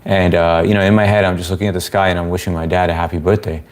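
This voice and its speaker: Deep-voiced male streamer, relaxed rambling chat with viewers. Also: racing. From Indian family background. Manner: laid-back, rambling, many fillers. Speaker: livestream host. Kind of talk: casual live chat reading comments.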